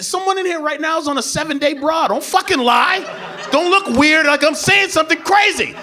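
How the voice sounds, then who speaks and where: A male comedian works a club stage with a high, lively voice that jumps from loud shouts to low muttered asides. His delivery is crude and animated. A crowd laughs loudly behind him in the live room. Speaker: stand-up comedian. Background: audience laughter.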